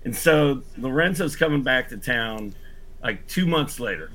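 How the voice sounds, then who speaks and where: A man spins a long anecdote in loose, casual podcast talk. He rambles, restarts his sentences and leans on "like" constantly. His voice sits in an ordinary middle pitch. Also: expressive, a little slow, fairly bright tone. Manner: rambling, full of "like" and restarts, acts out quotes. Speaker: podcast guest storyteller. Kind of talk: casual storytelling chat.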